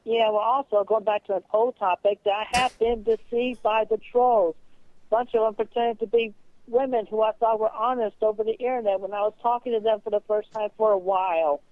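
A man's voice: high voice, flat delivery, a little fast, dry recording. A man speaking stiffly and formally on a phone call, stammering and repeating words. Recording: muffled lo-fi call recording.

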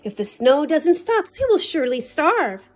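A woman's voice: high voice, sing-song, moderate pace. A woman reading the part of an anxious mother in a hungry family. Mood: worried. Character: worried mother of a poor family.

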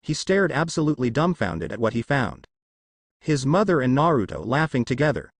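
Guy reading fanfic out loud, animated voice, super dry close mic. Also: medium pitch, fairly quick, breathy edge, no room sound. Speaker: narrator. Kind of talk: reading fan fiction aloud.

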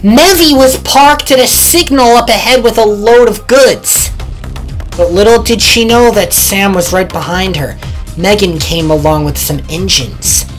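A woman narrating a storybook tale in a slow, animated reading. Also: mid-range voice, soft background music.

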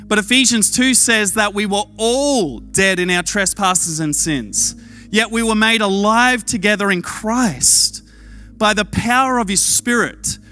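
A young adult man with an Australian accent preaching an energetic sermon, telling a story and acting out quoted lines in a lowered voice. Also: measured pace, soft background music. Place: church stage.

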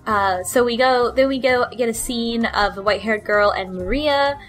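A woman's voice: a little high, moderate pace, faint music behind. A woman chatting casually as a book club panelist, hesitant and giggly, full of fillers. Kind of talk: casual podcast chat.

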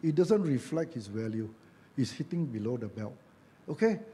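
A church elder with a Malaysian English accent preaches a chatty, joking sermon, acting out the voices he quotes and tacking on tag questions. His mid-range voice is warm and sing-song, at a normal speed.

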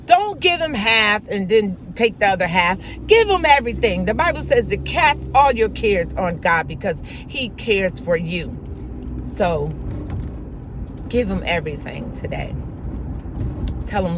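A woman's voice: medium pitch, very animated, a little slow, noisy background. A woman preaching a devotional message, fervent and prayerful, repeating her phrases for emphasis. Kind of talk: devotional exhortation.

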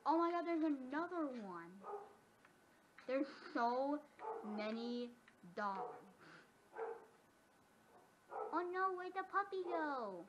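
A woman giving casual gameplay commentary, excitable and often gasping or squealing. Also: sits high, slow. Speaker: gamer. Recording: dull lo-fi sound with faint noise.

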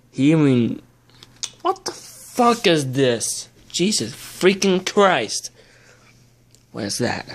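Young adult unboxing host, slow drawl, mutters and curses under breath. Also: medium pitch. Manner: muttering to themself, swearing in frustration. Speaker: video host opening trading card packs. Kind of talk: casual unboxing commentary.

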